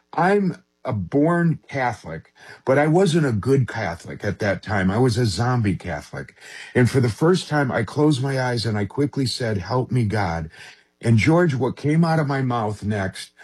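A man, an interview guest, telling a personal story in an earnest, halting way with frequent restarts. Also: mid-range voice, animated, darkish tone, slightly rough.

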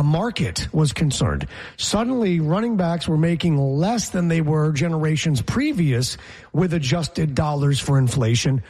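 A man with a husky, slightly high voice co-hosts a sports talk show. He talks in a loose, opinionated way and likes to toss trivia questions at his partner. His delivery is casual and conversational. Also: darkish tone. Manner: opinionated, quizzes his co-host. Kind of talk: casual sports radio chat.

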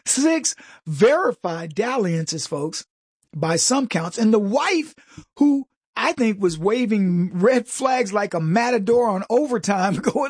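A middle-aged man delivering a comedic political monologue, mocking and jokey, with quick asides and mimicked voices. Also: high-pitched, lively intonation, darkish tone, slightly rough, no echo, studio quality. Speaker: commentary host.

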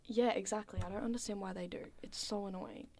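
A young woman chatting casually and asking questions, filling her talk with "like" and trailing off softly at times. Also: medium pitch, fairly even intonation, fast, creaky, a crowd in the background. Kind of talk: casual chat.

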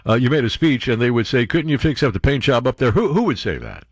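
A man's voice: medium pitch, fast, no echo, studio quality. A man hosting a talk radio show, reading news items aloud and mocking them with sarcastic, incredulous asides. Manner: sarcastic, animated commentary with mock-incredulous outbursts.

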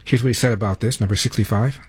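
A man's voice: lowish voice, fairly even intonation, fast talker, slight background noise. An older man hosting a talk radio show, brash and sarcastic as he reads promos and sets up clips. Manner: brash, sarcastic, reads ads and phone numbers.

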